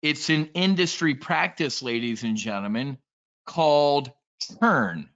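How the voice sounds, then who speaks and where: Animated man presenting, bright dull-sounding recording. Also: fairly high pitch, slow pace. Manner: animated, joking, addresses the room directly. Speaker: trading educator. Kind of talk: energetic presentation to an audience.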